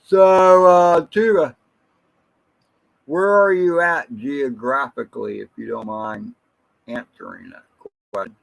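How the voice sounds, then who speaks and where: Slow, rambling man on a livestream. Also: fairly high pitch, fairly even intonation, vocal fry, rough recording. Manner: slow, rambling, reminiscing storyteller; greets viewers from the chat by name. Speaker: drone channel livestream host. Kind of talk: casual livestream chat with viewers.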